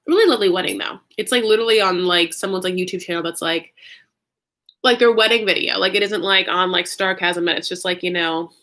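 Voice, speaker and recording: A woman talking in a casual, gossipy recap vlog, chatty and animated, packing her talk with "like.". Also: lowish voice, a little fast. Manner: chatty, heavy use of "like", animated asides. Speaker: YouTube reality-TV recapper.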